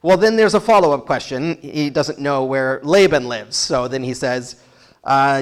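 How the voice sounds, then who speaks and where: A male pastor preaching a sermon, retelling a Bible story with lively asides, chuckles and quick quoted voices. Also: mid-range voice.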